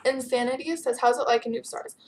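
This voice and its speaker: A woman's voice: fairly high pitch, steady tone, fairly quick, a little mellow. A teenage girl chatting casually as she answers viewer questions in her vlog, giggly and bubbly, sounding tired. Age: teens. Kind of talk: casual chat.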